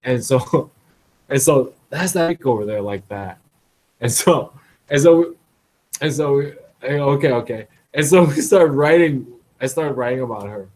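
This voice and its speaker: A man talks in a loose, rambling monologue for his blog, his voice sitting at an ordinary mid pitch. He circles back, repeats words and restarts phrases, with little chuckles dropped between them. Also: expressive, a little slow, a little mellow, low-quality recording. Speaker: blogger.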